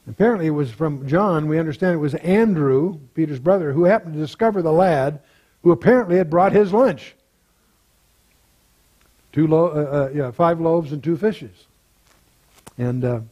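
Husky older man teaching scripture. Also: fairly high pitch, dark tone, rough recording. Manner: reads scripture slowly, then asides with chuckles. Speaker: Bible teacher. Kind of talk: verse-by-verse Bible teaching.

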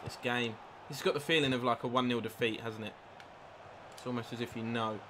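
A man live-streaming a football video game, commentating his own play, reacting loudly to chances and thanking new followers. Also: medium pitch, fairly quick, noisy background. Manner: excitable, swears at the game, reads out followers. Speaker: gaming streamer. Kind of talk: live gameplay commentary with chat.

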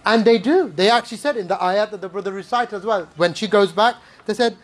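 A man giving an Islamic talk to a live audience, animated and playful, full of rhetorical questions and asides. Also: high-pitched, fairly quick, hardly any pauses. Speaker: preacher.

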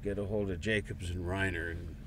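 An actor playing a blunt, impatient middle-aged businessman and father, gruff and scornful. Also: low-pitched, flat delivery, a little fast, fairly bright tone, slight background noise. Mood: brisk.

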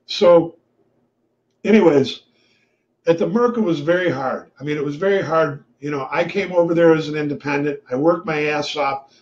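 Blunt, profane man telling trading stories. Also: fairly high pitch. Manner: blunt, profane, animated storyteller. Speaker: webinar host, trader. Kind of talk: casual storytelling. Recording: dull lo-fi webinar audio.

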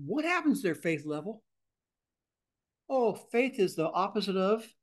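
A man teaching a ministry class, speaking in an animated way and acting out the prayers he teaches. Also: high-pitched, measured pace.

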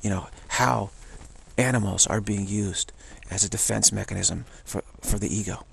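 Self-taped at home, a man with a fairly low, slightly rough voice and some vocal fry gives a casual spiritual monologue at a moderate pace. The spiritual teacher rambles, repeats himself and chuckles as he goes.

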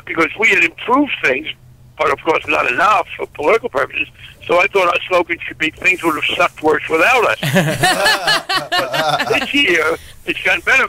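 A man's voice: sits high, gravelly, pushed and bright, rough recording. A man in his seventies, a congressman being interviewed over the phone, blunt and wry, with emphatic restarts. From United States.

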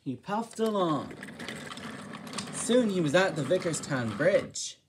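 A woman's voice: lowish voice, lively intonation, slow pace, background noise. A woman narrating a fan-made railway storybook in a plain reading manner.

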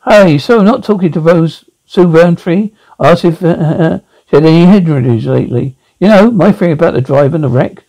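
An earnest young woman deputy, as a man voices her reports a case eagerly and matter-of-factly. The voice stays gravelly and mellow, in a one-man radio drama. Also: fairly high pitch, brisk, hardly any pauses, low-quality recording.

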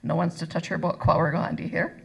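A woman voicing a calm, gruff man, speaking plainly and firmly. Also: deep voice, quick pace, slight background noise. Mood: steady.

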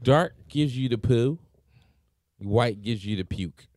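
A man's voice: medium pitch, slow pace, a little mellow, dry recording, clean studio sound. A man co-hosting a podcast, teasing and swearing in a joking casual chat. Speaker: podcast co-host.

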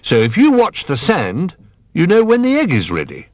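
A man's voice: high-pitched, wildly swooping pitch, moderate pace, no room sound, studio quality, pitched above the performer's own voice. A man doing a patient toy bear who explains things. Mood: explaining. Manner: explaining, gently instructive.

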